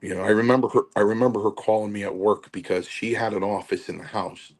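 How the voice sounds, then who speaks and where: Middle-aged male guest, lowish voice, animated storyteller who acts out the voices of others. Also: fast. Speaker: podcast guest. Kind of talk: storytelling interview.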